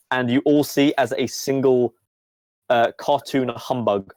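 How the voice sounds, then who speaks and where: A male game master narrates a tabletop game in a rambling, playful way, filling gaps with ums and uhs. His voice sits at a middle pitch and sounds dry and close, with no room echo. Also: fairly even intonation, slow. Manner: rambling, playful, many fillers.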